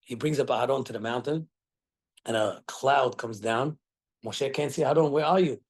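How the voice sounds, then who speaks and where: A middle-aged man, a rabbi, giving a Torah class and telling the story with animated acted quotes. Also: mid-range voice, normal speed, husky.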